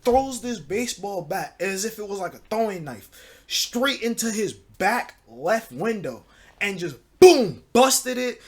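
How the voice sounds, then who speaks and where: A man's voice: sits high, fairly bright tone. A young man hosting a story time, telling a story casually in loose slang with lots of fillers. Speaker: storytelling channel host.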